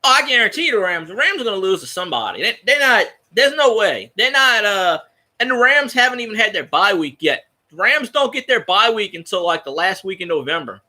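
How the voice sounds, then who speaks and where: A man's voice: high-pitched, big pitch swings, fairly quick, bright, forceful tone. A man hosting a casual fan talk show, ranting and swearing heatedly.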